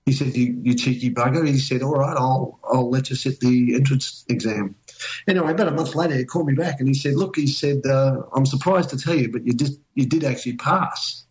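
A man's voice: mid-range voice, brisk, a little mellow, poor audio. An older man with an Australian accent, chatting casually and telling long, rambling anecdotes full of restarts. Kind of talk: casual chat.

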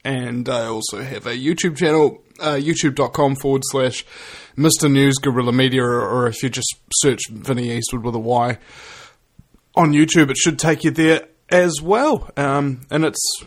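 A New man talks as a radio guest, rambling and joking with frequent fillers. His voice sits at a middling pitch. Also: normal speed. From New Zealand. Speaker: radio guest and fellow show host. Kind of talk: casual talk radio chat.

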